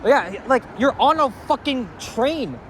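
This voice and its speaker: Man, high voice, swearing rant, outdoor street walk, faint traffic. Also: animated, measured pace. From Canada. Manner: angry, profane, rambling rant. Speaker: walking vlogger. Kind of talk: casual ranting walk-and-talk.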